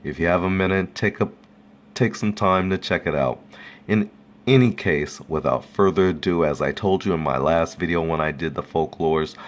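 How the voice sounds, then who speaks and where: A man casually reading folk tales aloud, relaxed and chuckling at his own jokes. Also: sits low, normal speed. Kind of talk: casual read-aloud storytelling.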